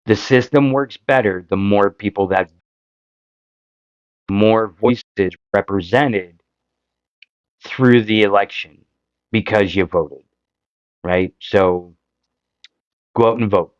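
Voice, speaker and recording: A man's voice: lowish voice, takes it slowly, pauses often, clear, resonant tone, dry recording, muffled recording. A Canadian man hosting a podcast, giving casual political commentary in an impassioned, frustrated way, full of rhetorical questions. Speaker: podcast host.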